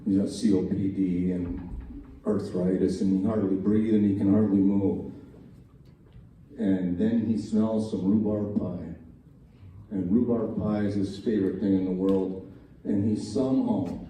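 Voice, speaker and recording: A man tells jokes at a talent show in an easy, folksy storytelling way, slipping into small voice shifts for each character. His voice is low and very mellow. He is heard from far off in a strongly echoing hall, with faint room noise behind him. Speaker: joke teller at a college talent show. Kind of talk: stand-up joke telling. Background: faint room ambience, audience laughs.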